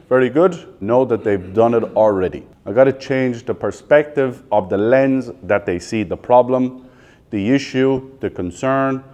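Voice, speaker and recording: Speaking with a warm tone at a normal mid pitch, an Irish sales trainer in his thirties coaches salespeople in a live training room. His questions come rapidly, he often answers them himself, and his manner is blunt and profane.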